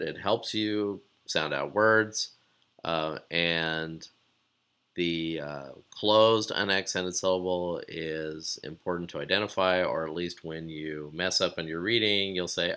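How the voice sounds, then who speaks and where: Low, bright-voiced man teaching a lesson. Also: clean tone. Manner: patient and explanatory, with fillers. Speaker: biblical Hebrew teacher. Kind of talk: recorded lesson.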